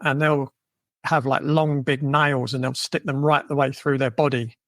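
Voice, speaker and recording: A man hosting a podcast, talking in a relaxed way and often affirming his guest. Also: medium pitch, normal speed, dry recording. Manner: relaxed, affirming with frequent yeahs and mms. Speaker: podcast host. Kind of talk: podcast conversation.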